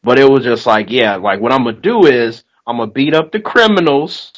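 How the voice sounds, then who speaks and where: A man's voice: mid-range voice, brisk, rough recording. A man chatting casually about a TV show, telling stories animatedly and acting out the voices of people in them. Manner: animated storyteller, acts out quotes loudly. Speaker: co-host. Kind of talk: casual chat.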